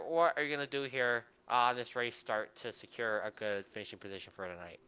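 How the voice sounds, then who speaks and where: Bright-voiced excitable male race commentator. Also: medium pitch, brisk, few pauses, clear, resonant tone. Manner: excitable, joking. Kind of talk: sim racing play-by-play commentary.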